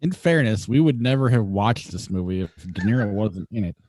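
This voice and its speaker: Low-voiced man on a podcast. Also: lively intonation, brisk, a little mellow, no room sound. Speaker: podcast co-host, movie critic. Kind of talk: casual podcast chat.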